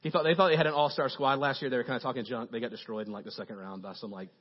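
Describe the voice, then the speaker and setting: A man preaching a casual, joking sermon as a youth pastor, telling animated stories to his congregation. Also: mid-range voice, rapid-fire, muffled recording.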